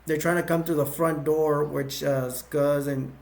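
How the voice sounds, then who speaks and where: Gravelly higher-voiced man retelling a film. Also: steady tone. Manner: rambling, halting, with many restarts and fillers. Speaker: movie reviewer. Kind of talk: casual plot retelling.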